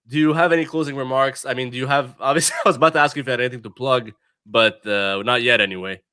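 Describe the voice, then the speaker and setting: A man's voice: medium pitch, fast talker, sharp tone, clear, resonant tone, dry recording, studio quality. A man hosting a casual podcast chat, asking questions with many restarts and fillers. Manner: rambling, hesitant questions. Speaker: podcast host.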